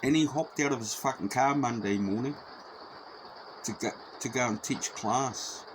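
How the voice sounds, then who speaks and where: A man's voice: mid-range voice, normal speed. A man telling a story in a rambling, profane, repetitive way. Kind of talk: casual spoken anecdote. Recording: noisy background.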